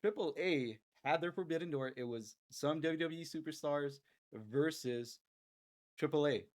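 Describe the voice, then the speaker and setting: A man's voice: fairly high pitch, measured pace. A man co-hosting a casual wrestling podcast, speaking candidly and emphatically. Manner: candid and emphatic, building to loud enthusiasm. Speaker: podcast co-host.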